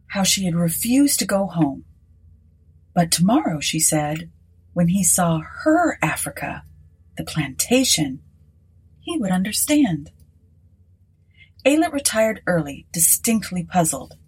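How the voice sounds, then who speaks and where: A woman narrates a storybook at an unhurried pace. Her voice is breathy and airy, sitting slightly low for a woman. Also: big pitch swings, low-quality recording.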